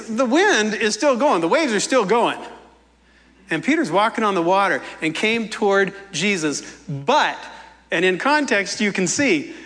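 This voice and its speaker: A man preaching a sermon in a playful, animated way, acting out the quoted lines as he goes. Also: high-pitched, long reverb tail. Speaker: pastor.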